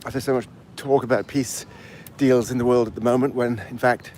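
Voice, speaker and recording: A man's voice: mid-range voice, steady tone, moderate pace, darkish tone, slight background noise. Breathless man rambling on a walk. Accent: mixed English. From England. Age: 50s. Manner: rambling, answers chat comments aloud. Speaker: live stream host. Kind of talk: casual live stream chat. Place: outdoors, walking uphill.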